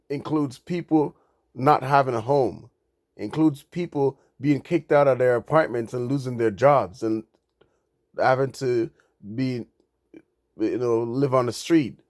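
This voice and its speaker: A man commenting on the news. He reads news out, then reacts indignantly, stumbling into restarts and rising in pitch and volume when he gets angry. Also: darkish tone, no room sound, clean studio sound. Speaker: crypto commentator.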